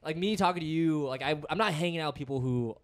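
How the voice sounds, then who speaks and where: A man co-hosting a casual podcast as a stand-up comic, chatting rapidly and filling his talk with "like". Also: a little high.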